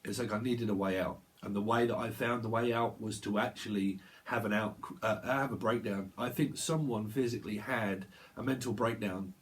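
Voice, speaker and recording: A man's voice: lowish voice, steady tone, normal speed, few pauses. Rambling British man doing tarot readings. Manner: rambling, free-associating, trailing off and self-correcting. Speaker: tarot reader. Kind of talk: psychic tarot reading monologue.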